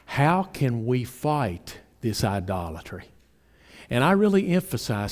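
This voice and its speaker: A man's voice: mid-range voice, big pitch swings, measured pace, a little mellow. A male pastor preaching a sermon, asking his congregation pointed rhetorical questions.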